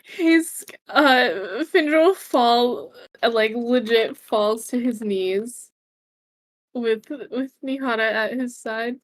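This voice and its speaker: A woman, a player in a tabletop game, narrating her character's actions in a halting way with fillers. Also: on the high side. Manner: halting, with many fillers and laughs.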